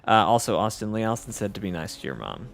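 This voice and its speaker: A man's voice: on the low side, very animated, fast, vocal fry, soft background music. A man with a Southern US accent hosting a casual gameplay livestream, reading chat aloud in an easygoing, self-deprecating way. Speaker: livestream host.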